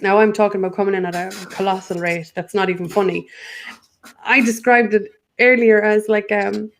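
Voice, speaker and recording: An earnest woman with a lilt talks through her thoughts as a guest in a spiritual chat. She rambles and restarts often, circling back to her point with a light laugh now and then. Her pitch sits in a middle range for a woman. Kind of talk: spiritual conversation.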